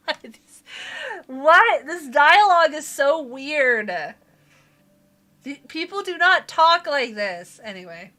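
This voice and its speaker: A young woman with a bright, somewhat high voice chats through a game as she plays it. She reads the characters' dialogue aloud and keeps breaking off into playful, joking asides. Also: animated, takes it slowly. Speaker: streamer playing a game. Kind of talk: casual let's-play commentary, reading game dialogue aloud.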